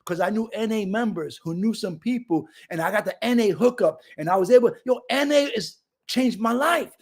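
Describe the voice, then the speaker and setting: Animated New man sharing his recovery story. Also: sits high, moderate pace. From Brooklyn, New York. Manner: animated, streetwise, emphatic. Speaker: recovery speaker. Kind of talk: recovery testimony share. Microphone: video call.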